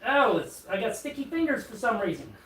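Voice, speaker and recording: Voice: medium pitch, big pitch swings, brisk, a bit bright, distant mic. Self-mocking streamer, off-mic in an echoey room. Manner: rambling, self-mocking running commentary with stammered restarts. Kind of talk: casual live-stream chat while assembling furniture. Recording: roomy echo, off-mic, faint noise.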